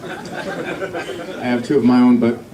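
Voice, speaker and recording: A middle-aged man performing a stand-up comedy set, telling a story and acting out quotes with sudden loud shifts. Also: mid-range voice, takes it slowly, recorded from a distance. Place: comedy club stage with a laughing audience. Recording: echoey live club audio with crowd laughter.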